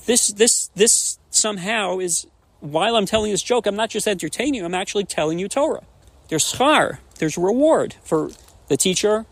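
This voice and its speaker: A man in his forties, a rabbi, telling stories and jokes on a podcast in an animated way, often restarting words. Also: on the high side, no room sound. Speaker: rabbi and educator. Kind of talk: podcast storytelling.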